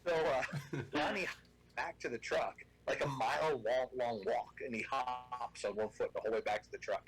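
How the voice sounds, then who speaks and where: A man's voice: mid-range voice, normal speed, poor audio. A man telling a funny hunting anecdote as a guest on a casual show. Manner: animated anecdote teller. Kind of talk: casual storytelling.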